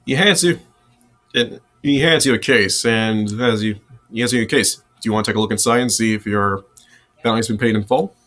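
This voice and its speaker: A man's voice: lowish voice, a little fast, fairly bright tone. Rich: A man runs a tabletop game as its game master. He narrates scenes in a rambling way, often restarting mid-sentence.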